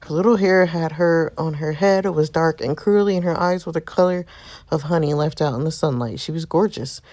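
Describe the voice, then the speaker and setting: A woman's voice: low voice, a little fast, a little mellow, close to an everyday voice. A woman reading as an earnest protective young man. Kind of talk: reading game narration aloud.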